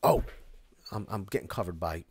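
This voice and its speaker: A man hosting a casual live stream, reading viewer comments aloud and ranting about them in an animated way. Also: sits low, normal speed, slightly rough, dry recording.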